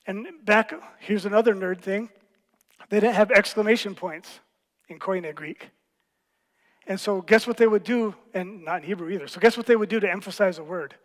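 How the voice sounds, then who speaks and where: A man preaching a sermon as pastor, teaching in a playful, animated way with quick jokes. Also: high-pitched, big-room sound. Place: church hall.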